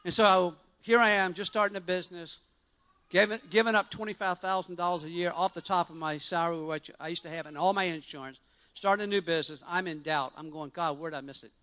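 Bright-voiced earnest middle-aged man testifying. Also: sits high, fairly even intonation, fairly quick. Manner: earnest, rambling, with many restarts and fillers. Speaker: church member giving a testimony. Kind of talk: personal testimony to a congregation.

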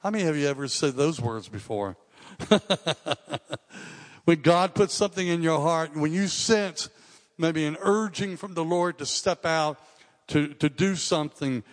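A male pastor preaching a sermon in a conversational, earnest way, repeating and restarting phrases for emphasis. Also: fairly high pitch. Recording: long reverb of a large hall.

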